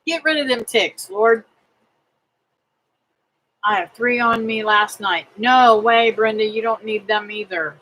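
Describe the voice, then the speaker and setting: A middle-aged woman hosting a casual livestream, praying aloud and chatting with viewers in a slow, homely way. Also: a little high, fairly bright tone, rough recording. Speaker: homestead livestream host. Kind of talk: casual livestream chat reading comments.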